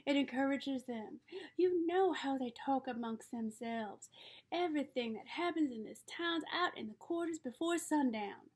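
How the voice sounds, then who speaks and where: A woman's voice: high-pitched, expressive, measured pace, darkish tone. A woman reading the part of a stern, disapproving older aunt who speaks in a prim, scolding way.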